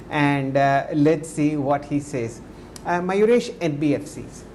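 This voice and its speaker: A man with an Indian English accent hosting a live stock market show, talking with many drawn-out fillers. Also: a little high, darkish tone, a little hiss or hum.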